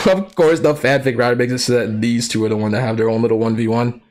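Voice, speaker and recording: A streamer giving casual live commentary, slangy and profane, who laughs often and breaks into excitable outbursts. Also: medium pitch, fairly quick.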